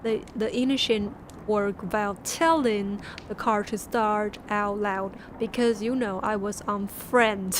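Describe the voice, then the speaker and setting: A woman, a Mandarin speaker, reading a book aloud on a stream with halting restarts and chatty asides. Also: mid-range voice, fairly even intonation, a little hiss or hum. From Taiwan. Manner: laughing asides between passages.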